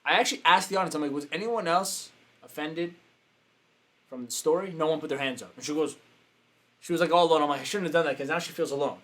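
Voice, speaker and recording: A man, a business coach, telling a story casually and acting out the quotes with sudden jumps in pitch. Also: quick pace, fairly bright tone.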